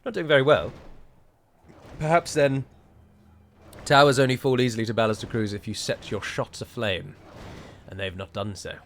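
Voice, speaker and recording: A man's voice: medium pitch, steady tone, normal speed, long pauses, slight background noise. A man giving chatty, wry commentary while playing a strategy game, wandering into rambling asides. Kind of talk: gameplay commentary.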